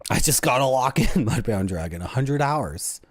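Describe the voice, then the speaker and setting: A man rambling to his viewers on a game stream, jokey and prone to silly voices. His pitch swings a lot as he talks, and the recording is close and dry with no room sound. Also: expressive, moderate pace, dry recording. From Canada. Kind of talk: casual livestream chat.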